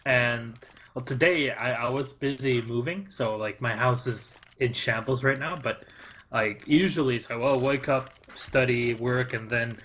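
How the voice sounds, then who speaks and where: A man's voice: medium pitch, a little slow, fairly bright tone, slight background noise. A man commentating a live esports match, chatting casually with many fillers between calls.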